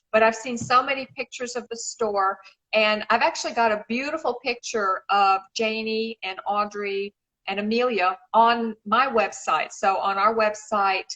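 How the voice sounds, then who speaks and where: A middle-aged woman from Memphis, Tennessee, USA, with a fairly high, pushed, bright voice, chats effusively on a live stream and calls people darling. She is a shoe designer and regular guest in this casual live-stream chat, captured on a low-quality recording.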